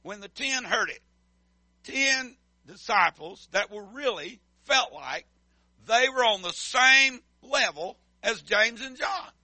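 A man's voice: extremely high pitch, animated, takes it slowly, bright, forceful tone, no room sound. A middle-aged man preaching a sermon as pastor, calling for responses from the congregation. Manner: emphatic call-and-response preaching.

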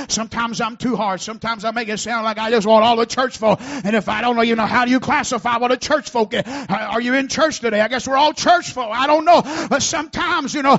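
A very high, bright-toned man preaching hard, his voice gravelly and pushed. He swings between shouted runs and quieter talk to the congregation. The recording is dull and lo-fi. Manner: shouting, preaching with rising fervor. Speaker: pastor. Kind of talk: sermon.

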